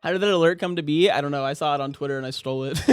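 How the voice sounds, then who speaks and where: A man with a high voice chatting casually with his viewers while he plays a game. He jokes constantly, slipping into low mumbles and then breaking into high-pitched yelps and laughter. Faint music plays underneath. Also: wildly swooping pitch, fairly quick. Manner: joking, swings from mumbling to high shouts, frequent laughter. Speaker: streamer. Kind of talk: casual livestream chat while gaming.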